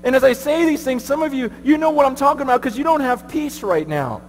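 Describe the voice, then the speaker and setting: High-voiced impassioned male preacher. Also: animated, brisk. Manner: impassioned preaching that swings from hushed pleading to shouting. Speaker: conference speaker, preacher. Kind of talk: sermon. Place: large conference hall. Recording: echoey hall with mains hum.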